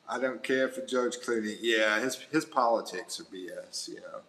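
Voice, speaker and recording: An American middle-aged man hosts a casual livestream indoors near a window, rambling and chuckling as he talks. His mid-range voice has a sharp tone, and the recording is rough.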